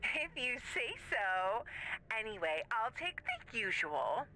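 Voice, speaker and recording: A woman's voice: a little high, sing-song, slow pace, sharp tone, slight background noise, heavily acted. A woman voicing a sweet but possessive young girlfriend in a game, with a sugary, sing-song manner. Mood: suspicious sweet.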